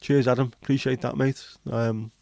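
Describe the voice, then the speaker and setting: A man's voice: medium pitch, level tone, moderate pace, gravelly, a little mellow, no room sound. A man, hosting a casual livestream and chatting with viewers in a joking way. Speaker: livestream host.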